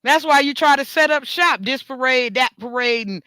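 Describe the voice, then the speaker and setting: A woman rants straight into the mic in a high, bright voice. She swears freely and repeats words for emphasis, and the dry recording has no room sound. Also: normal speed, clear, resonant tone, no echo. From New York. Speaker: talk show host. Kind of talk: ranting monologue.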